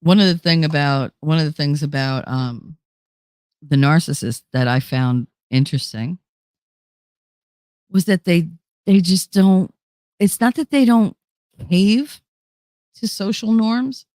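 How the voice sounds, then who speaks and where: Low-pitched and a little mellow, this woman speaks slowly with long pauses on a dry recording. She hosts a casual live chat, responding to viewers with blunt, heavily profane talk and imitating the people she mentions.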